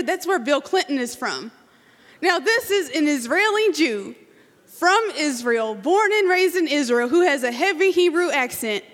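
A woman's voice: high voice, fairly bright tone. A woman from Arkansas, a guest speaker in a church, telling an earnest story and leading prayer. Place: church sanctuary. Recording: church hall reverb.

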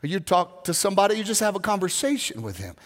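A man's voice: high voice, sing-song, fast, fairly bright tone, long reverb tail. A man preaching a sermon as pastor in a church, talking in a conversational way with frequent restarts and humorous asides. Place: church sanctuary.

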